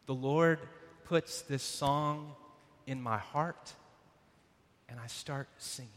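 A man preaching a sermon, telling a dramatic personal story with loud bursts and hushed passages. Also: medium pitch, slow pace. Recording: long hall reverb.

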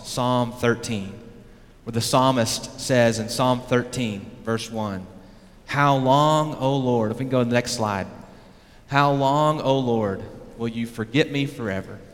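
A male pastor preaching a sermon emphatically, his voice swinging from loud peaks down to low, quiet lines. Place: church sanctuary. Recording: long reverb of a church hall.

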